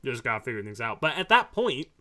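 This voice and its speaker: A man's voice: medium pitch, sing-song, fast talker. Chatty male podcast host, rambling. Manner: rambling, laughs often, drifts soft and quiet. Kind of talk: casual postgame chat.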